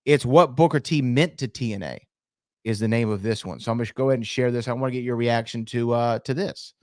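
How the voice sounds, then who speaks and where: A man's voice: mid-range voice, fast, no room sound, clean studio sound. A man co-hosting a podcast, casually setting up clips with plenty of ums and uhs. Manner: conversational, introduces clips with fillers. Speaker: podcast co-host. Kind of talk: casual chat.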